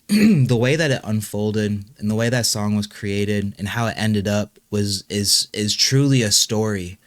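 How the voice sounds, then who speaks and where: Halting young man, low dry voice. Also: dry recording. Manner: halting, with many fillers and restarts. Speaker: musician and channel host being interviewed. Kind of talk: emotional personal interview.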